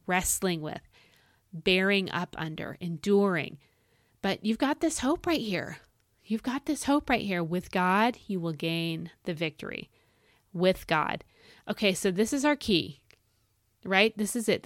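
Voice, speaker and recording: Female devotional podcast host, mid-range voice, earnest and encouraging, emphatic highs and hushed asides, slight thirsty crack, dry close recording. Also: no room sound. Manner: earnest and encouraging, asks listeners direct questions; swings between bright emphatic highs and soft low asides.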